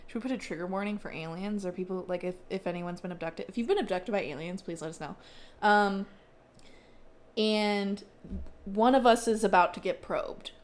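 A woman's voice: mid-range voice, normal speed. A young woman co-hosting a podcast in casual chat, rambling and giggly with lots of fillers. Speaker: podcast co-host.

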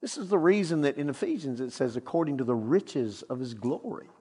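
A middle-aged man preaching a sermon as a pastor, emphatic and animated as he retells a story. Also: medium pitch, a little fast, breathy edge. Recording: long hall reverb.

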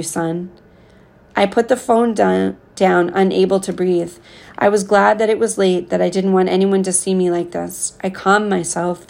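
A woman reading a novel aloud in an unhurried, earnest way. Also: mid-range voice, gravelly, darkish tone. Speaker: reader.

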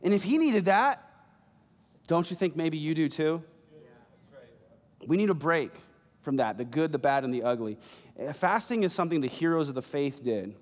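A man's voice: fairly high pitch, big pitch swings, normal speed, pauses often, in a large hall. A man preaching a conversational sermon with joking asides. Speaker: pastor.

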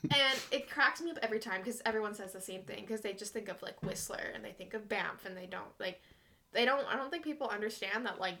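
A woman's voice: medium pitch, fast, sharp tone, a little hiss or hum. A young woman from Saskatchewan in casual chat, sarcastic and laughing often as she tells stories. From Saskatchewan, Canada.

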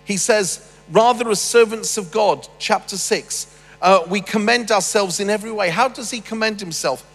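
A man with a high-pitched voice preaches a sermon at normal speed, reading scripture and breaking into humorous asides in an animated storytelling style. The recording carries long reverb with faint music.

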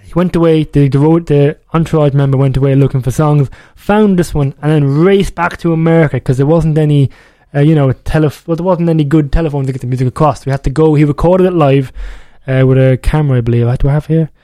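A young man hosts a music radio show, rambling and correcting himself as he chats casually. His voice sits a little high and sounds mellow. The studio sound is dry and close. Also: fast talker, hardly any pauses, dry recording. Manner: rambling, self-correcting, chatty. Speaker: radio DJ host.

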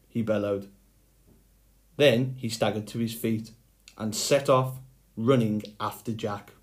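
Slow, low-voiced male storyteller. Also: steady tone. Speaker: storybook reader. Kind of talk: scripted fairy tale narration.

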